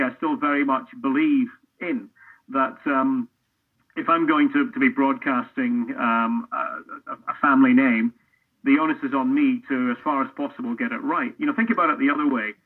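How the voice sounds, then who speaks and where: A man's voice: mid-range voice, steady tone, normal speed, breathy edge. A middle-aged man from Scotland, a football commentator, talking earnestly and thoughtfully in an interview, often restarting his sentences. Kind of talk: reflective casual interview talk. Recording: tinny phone-line audio.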